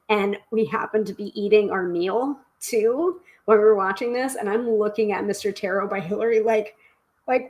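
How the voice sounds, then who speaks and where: A middle-aged woman chats through a live stream, voice sitting at an ordinary middle pitch. She bubbles with enthusiasm, jumping between thoughts with fillers and restarts. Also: a little slow, low-quality recording. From United States. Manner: chatty and exuberant, with many fillers and restarts. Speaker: tarot reader and live stream host. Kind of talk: casual live stream chat.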